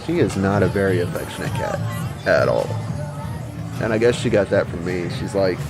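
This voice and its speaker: A man's voice: sits low, expressive, normal speed, gravelly, music in the background, crowd noise. Profane, rambling man streaming. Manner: rambling, profane, talks back to viewers. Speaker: livestreamer. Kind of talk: casual livestream chat.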